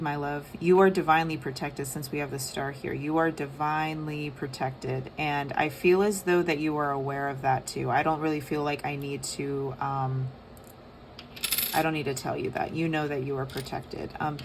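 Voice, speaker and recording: A young woman giving a casual tarot reading, soft and rambling with many fillers. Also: low voice, fairly even intonation, moderate pace, a little hiss or hum. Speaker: tarot reader.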